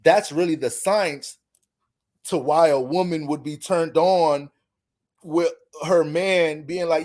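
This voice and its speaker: Speaking slowly in a slightly high voice, the man who hosts an astrology channel delivers a loose, swearing, rambling monologue. He stays animated and keeps restarting.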